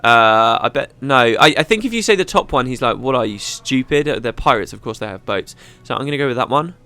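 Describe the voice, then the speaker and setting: A man's voice: medium pitch, expressive, fast talker, bright, forceful tone, clean tone, soft background music. A man hosting a let's play, chatting casually and reading game dialogue aloud. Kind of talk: casual gameplay commentary.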